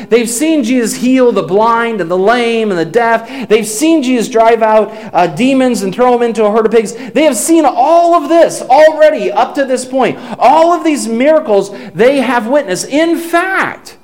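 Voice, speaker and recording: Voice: mid-range voice, a little mellow. A pastor preaching a sermon to a congregation, building emphasis through repeated phrases that rise and fall. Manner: emphatic, repetitive preaching with rises and falls.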